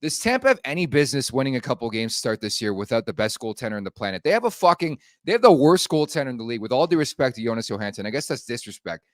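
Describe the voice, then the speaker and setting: A podcast host talks about hockey bluntly and casually, with plenty of swearing and filler words. His voice sits at a middle pitch. The sound is close and dry. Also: very animated, rapid-fire, few pauses, dry recording.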